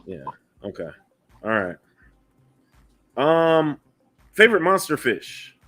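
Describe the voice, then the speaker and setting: A man's voice: on the high side, sing-song, slow pace, a bit bright. A man hosting a casual livestream interview, upbeat and reading out viewer messages and donations. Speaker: livestream host.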